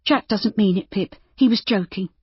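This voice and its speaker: A woman narrator voicing Judy, an anxious, caring young woman who coaxes and pleads gently. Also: mid-range voice, moderate pace, husky, dry recording, highs cut off, pitched above the performer's own voice. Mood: coaxing.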